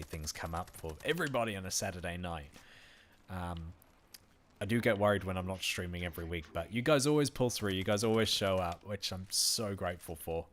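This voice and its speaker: A man's voice: low-pitched, a bit bright. An Australian man from Western Australia, chatting casually with his viewers while streaming a game, laughing often and thanking people by name. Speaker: gaming streamer. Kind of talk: casual live-stream commentary.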